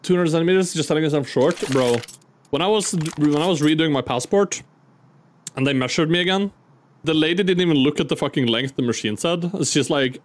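A man's voice: a little high, a little fast, a little hiss or hum. A man streaming a shooter game, chatting casually, joking and griping about teammates with plenty of swearing. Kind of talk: casual gameplay commentary. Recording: streamed over loud game sounds and mouse clicks.

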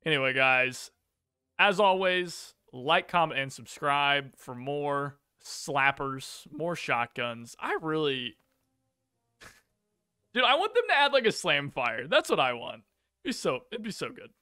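A man commentating his own shooter gameplay, excitable and reactive, with game gunfire behind him. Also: fairly high pitch, slow, smooth, dry recording. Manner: excitable, reactive, jokey, exclaims often. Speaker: gaming channel host. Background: gunfire and explosions from the game.

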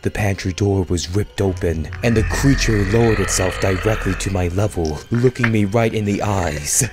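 A man reading a scripted horror story aloud as narrator, in a slow, measured, hushed storytelling manner. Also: low-pitched, music in the background.

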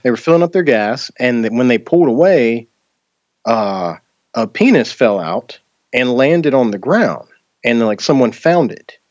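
A man's voice: medium pitch, expressive, a little slow, darkish tone, no echo, lo-fi sound. A man hosting a podcast in casual chat, rambling with many fillers and restarts. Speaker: podcast host.

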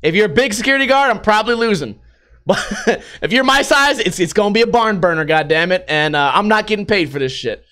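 A man vlogging in a casual, profane monologue, telling animated stories. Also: high-pitched, a little fast. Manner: profane, animated storytelling with laughs.

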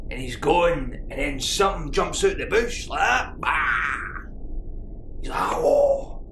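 A man telling a cheeky joke in a casual, drawn-out way, adding playful asides as he goes. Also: fairly high pitch, fairly bright tone. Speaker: joke teller. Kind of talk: casual comic storytelling. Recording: roomy distant mic with background noise.

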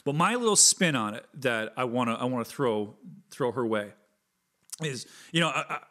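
A man's voice: mid-range voice, lively intonation, moderate pace, bright, forceful tone. Guy in his 30s doing a solo podcast, kinda rambly and sincere, cusses casually. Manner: rambling, earnest, swears casually, many fillers. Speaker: podcast host and guitar teacher.

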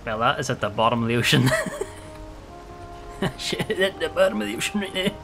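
Male streamer, a little high-pitched, jumpy and foul-mouthed, faint music behind. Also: quick pace, creaky. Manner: excitable, swears a lot, jumpy. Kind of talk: casual gameplay commentary.

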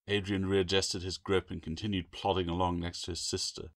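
A man reading his own novel aloud as a steady, measured audiobook narration. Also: low voice, dry recording, studio quality.

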